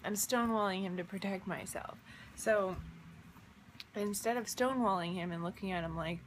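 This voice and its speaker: A woman's voice: mid-range voice, normal speed, slight background noise. A young woman who has just woken up, telling a dream in a rambling, casual way full of fillers. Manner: rambling, filler-heavy, wondering. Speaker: vlogger and visionary artist.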